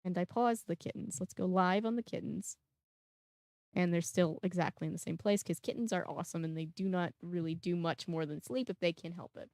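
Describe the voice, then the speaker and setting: Woman host reading a novel aloud with casual commentary; smooth, slightly low voice. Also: fairly quick, a little mellow, no echo, studio quality. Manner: chatty asides, laughs at herself. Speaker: book reader and vlog host.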